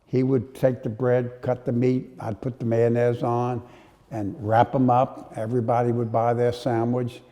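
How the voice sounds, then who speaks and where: Older New Orleans man reminiscing, mellow. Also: mid-range voice, monotone. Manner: storytelling, unhurried, with frequent uh fillers. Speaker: interviewee. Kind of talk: reminiscing interview. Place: historic house. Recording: long hall reverb.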